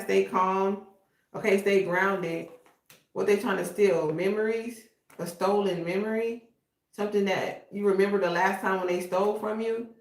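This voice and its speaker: Blunt slangy woman reading tarot. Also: medium pitch. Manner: blunt, slangy, street-talking, repeats "okay?". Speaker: tarot reader. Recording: echoey room with noise.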